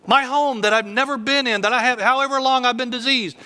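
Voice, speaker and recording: A man's voice: very high voice, fairly even intonation, fairly quick, bright, forceful tone, long reverb tail, voice pushed up. A man doing an overjoyed healed leper. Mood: elated. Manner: exclaiming, showing off.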